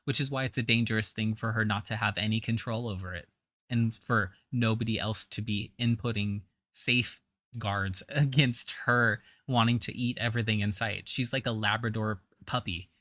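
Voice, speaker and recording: A man's voice: on the low side, steady tone, normal speed, bright, forceful tone, dry recording. A man giving blunt, scornful reaction commentary, with a trained singer's voice.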